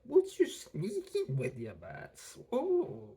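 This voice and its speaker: A man's voice: very high-pitched, wildly swooping pitch, slow pace, warm tone, breathy edge, voice pushed up, heavily acted. A man doing a gleeful cartoon villain. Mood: mocking. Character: impression of a gleeful, cackling male cartoon villain.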